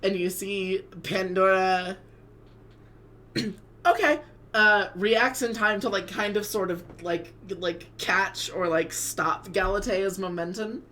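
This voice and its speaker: A woman's voice: mid-range voice, slow pace, sharp tone. A woman narrating a tabletop game as game master, hedging her words and laughing often.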